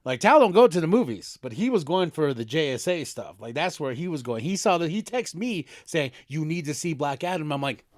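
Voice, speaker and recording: A middle-aged man co-hosting a casual podcast chat, telling stories animatedly and acting out quotes loudly. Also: a little high, expressive, a little fast, few pauses, no room sound, clean studio sound. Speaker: podcast co-host.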